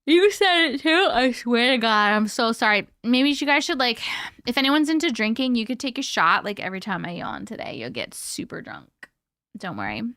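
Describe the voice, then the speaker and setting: A woman's voice: on the high side, animated, normal speed, fairly bright tone, no echo, studio quality. A woman in her early thirties, from Colorado, hosting a casual livestream and chatting with viewers while sounding tired and sleepy. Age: 30s. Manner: chatty, giggly, reads viewer comments aloud. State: sleepy, yawning. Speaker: live-stream host.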